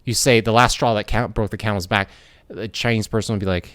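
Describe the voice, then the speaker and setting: A man's voice: fairly low pitch, steady tone, fairly quick, fairly bright tone, smooth, dry recording. An American man hosting a casual commentary vlog, talking in an earnest, rambling way. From United States. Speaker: YouTuber.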